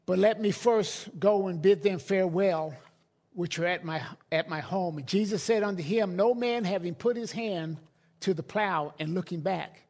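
High-voiced male pastor preaching. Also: a little mellow. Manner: conversational preaching with repeated restarts. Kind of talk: sermon. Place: church hall.

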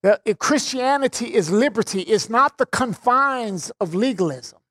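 A man's voice: extremely high pitch, animated, normal speed, a bit bright. A man preaching a sermon, expounding scripture with emphatic repetition and casual conversational asides. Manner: emphatic, repeats phrases for stress.

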